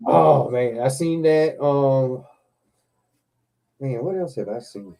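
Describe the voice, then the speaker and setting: A man hosts a casual live chat and tells a story in an animated, laughing way, swearing as he goes. His voice is deep-toned and mellow, with no brightness to it. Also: slow pace, vocal fry. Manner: laughs often, swears freely, animated retelling. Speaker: live stream host.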